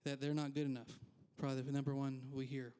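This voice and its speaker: A man's voice: medium pitch, little pitch movement, fast, dark tone, clear, resonant tone. A man preaching a conversational sermon as pastor in a church, candid and self-deprecating, with frequent asides.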